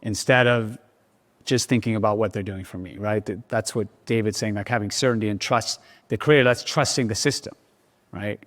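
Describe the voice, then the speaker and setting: A man with a lowish voice explains ideas on a live panel, often checking in with 'right?' and restarting his sentences. The sound carries a long hall reverb. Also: normal speed. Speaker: panel speaker. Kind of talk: explanatory discussion at a live event. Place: large room before a live audience.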